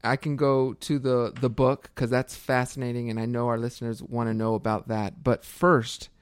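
A man's voice: mid-range voice, little pitch movement, moderate pace, smooth, no echo, studio quality. A young man co-hosting a podcast interview, friendly, tripping over words and laughing easily. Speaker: podcast co-host.

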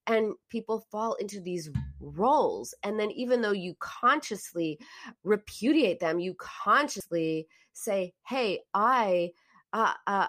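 Reflective woman host, mid pitch. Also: a bit bright. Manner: reflective, anecdotal, frequent restarts. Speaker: host answering listener comments. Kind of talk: casual live-stream talk about self-help.

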